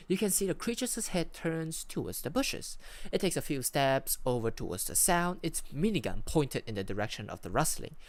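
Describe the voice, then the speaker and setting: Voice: medium pitch, dry recording. A VTuber from Malaysia, reading out and playing an interactive AI adventure story on a close streaming mic. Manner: storytelling, with rising and falling emphasis and small restarts. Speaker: VTuber host.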